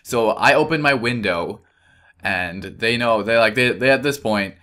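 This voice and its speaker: Chatty young man with a bright voice. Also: medium pitch, measured pace. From Canada. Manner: rambling, chatty, self-correcting. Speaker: gameplay commentator. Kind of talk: casual storytelling over gameplay.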